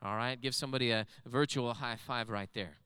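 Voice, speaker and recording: A man preaching with a bright, forceful tone and a smooth, crisp voice. His delivery rises into fervent, repeated declarations before dropping back to plain teaching. The sound is close and dry, with little room echo. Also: mid-range voice, fairly quick. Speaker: pastor. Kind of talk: sermon. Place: church sanctuary with congregation.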